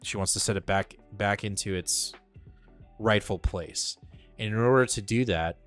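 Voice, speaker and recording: A man co-hosting a casual comic book review show, talking excitedly with lots of fillers and casual swearing. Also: on the low side, moderate pace, faint music behind. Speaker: podcast co-host.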